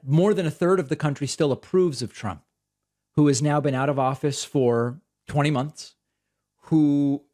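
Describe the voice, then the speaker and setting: A man's voice: a little high, darkish tone. A man hosting a political talk show, giving sarcastic, incredulous commentary on news clips.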